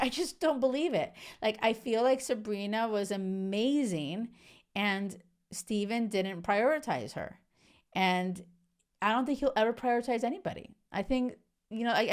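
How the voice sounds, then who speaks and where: A woman's voice: medium pitch, a little slow. A woman in her thirties hosting a podcast, giving a casual, blunt recap of a reality show with swearing and sudden bursts of laughter. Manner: animated, blunt and swearing, swinging between laughs and earnest. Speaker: podcast host.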